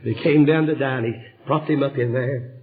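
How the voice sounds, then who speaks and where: A man preaching a revival sermon, telling stories with passion and swinging from hushed tones to shouting. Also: mid-range voice, fairly even intonation, moderate pace. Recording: dull lo-fi sermon recording.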